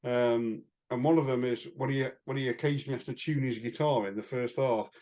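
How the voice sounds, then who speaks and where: A man co-hosting a podcast and spinning anecdotes in a loose, chatty way. His voice sits at an ordinary middle pitch. He rambles through "um"s and restarts and chuckles at his own stories. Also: steady tone, fairly quick, darkish tone. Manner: chatty anecdotal storytelling with frequent fillers and chuckles. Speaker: podcast co-host. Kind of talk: casual chat.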